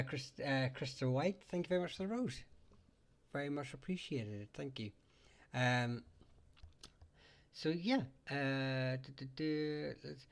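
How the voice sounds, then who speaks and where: A man's voice: mid-range voice, darkish tone. A man with a Northern Irish accent hosting a casual live chat, rambling and laughing often as he talks. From Northern Ireland. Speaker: livestream host.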